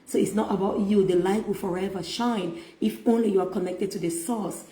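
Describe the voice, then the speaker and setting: A middle-aged woman giving a faith-based self-help talk as a motivational speaker, speaking slowly and emphatically with preacherly repetition. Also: medium pitch, steady tone, mellow. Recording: echoey room.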